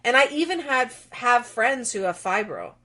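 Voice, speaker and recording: A middle-aged woman, a guest on an interview, who tells lively stories and acts out the dialogue she quotes. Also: on the high side, moderate pace. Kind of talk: conversational interview.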